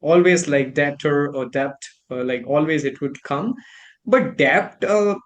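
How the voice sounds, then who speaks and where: A host talks through word pronunciation in a relaxed, conversational way. The voice sits in the middle of the pitch range, and the speaker keeps repeating words aloud to test them. They think out loud, with plenty of fillers. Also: measured pace. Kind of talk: casual conversation about pronunciation.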